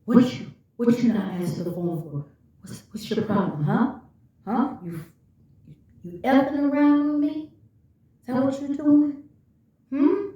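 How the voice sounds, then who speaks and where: Woman putting on a jealous narcissist guy, grilling and accusing, quick, dull faraway echoey sound. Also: high-pitched, warm tone, pitched above the performer's own voice. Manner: aggressive, interrogating. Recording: echoey room, far from the mic, dull lo-fi.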